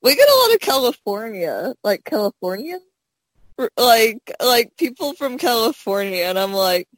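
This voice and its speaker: A woman from Arkansas in casual podcast chat, joking and animated, with many fillers. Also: on the high side, moderate pace, no room sound.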